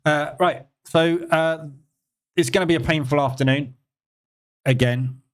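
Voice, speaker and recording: A man's voice: fairly high pitch, steady tone, a little slow. A man with a British accent hosting a live trading room, chatting casually and sarcastically while answering viewer comments. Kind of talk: casual live-stream chat.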